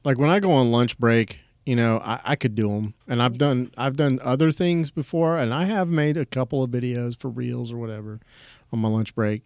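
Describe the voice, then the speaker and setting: A man's voice: medium pitch, fairly even intonation, normal speed, darkish tone, clean tone, dry recording, clean studio sound. A man hosting a podcast, chatting casually with his guest in an easygoing way, often restarting his sentences. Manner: easygoing, with frequent restarts and fillers. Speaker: podcast host. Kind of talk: casual conversation.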